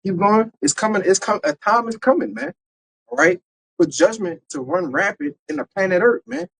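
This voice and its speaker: A man's voice: high-pitched, animated, normal speed, vocal fry, fairly bright tone, slightly rough, poor audio. A man teaching a Bible lesson in a loose, conversational preaching style, tagging his points with rhetorical questions. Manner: loose and conversational, tags lines with "man" and "right?".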